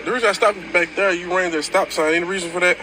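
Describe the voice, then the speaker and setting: A man playing a polite police officer at a traffic stop, calm and formal. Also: high-pitched, quick pace, lightly acted.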